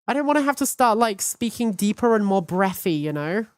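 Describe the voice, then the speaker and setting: A woman's voice: mid-range voice, expressive, brisk, no echo. A woman streaming from home, chatting in a hyperactive, cheeky way and swearing freely. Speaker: VTuber streamer. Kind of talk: casual live-stream chat.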